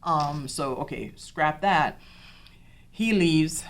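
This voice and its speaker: Podcast host, young woman, low-pitched, emphatic, personal storytelling. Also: slow. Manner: animated, quotes others in dialogue, repeats herself.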